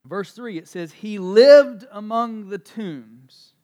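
A man with a high voice preaches a sermon in an easy, conversational way. He jumps from loud, stressed phrases to quiet, low asides and slips in light jokes about himself. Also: slow pace. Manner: conversational, animated, with asides and self-deprecating humor; strong swings between loud emphasis and soft low delivery. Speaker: pastor.

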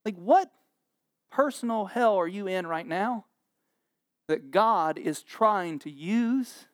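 A pastor in his forties, his voice sitting high, preaches a sermon and tells scripture stories with humor and acted-out voices. He's an animated, joking storyteller, recorded with clean studio sound and no room echo.

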